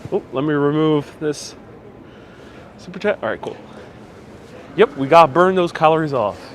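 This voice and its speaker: A male walking-tour livestreamer with a fairly high voice talks at normal speed, chatting casually, laughing a lot and reading viewer comments aloud. He sounds slightly congested as he walks outdoors on city streets, his wireless clip-on mic picking up faint traffic-free street noise.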